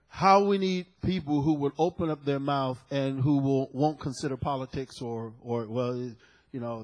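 A man preaching a sermon, moving between quiet, low asides and loud, shouted peaks. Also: low-quality recording.

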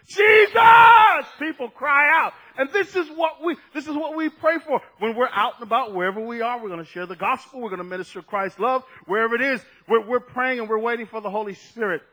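A man preaching a fervent sermon, dropping low and then shouting as he acts out scripture. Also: quick pace, hardly any pauses, rough recording.

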